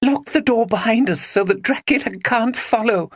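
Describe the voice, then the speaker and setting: A woman's voice: lowish voice, animated, unhurried, no echo, studio quality, pitched above the performer's own voice. A man reading an audiobook, voicing a playful young woman who giggles. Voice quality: giggly, bright.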